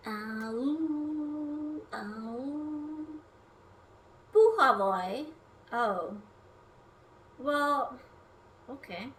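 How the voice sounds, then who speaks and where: A woman with a high, bright voice chats her way through a home cooking stream, talking slowly and cursing freely. She rambles to her food and her viewers. Her voice sits back from the mic, with a faint hiss behind it. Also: distant mic. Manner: rambling, swears often, talks to her food and chat. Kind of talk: casual live-stream chatter while cooking. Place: home kitchen.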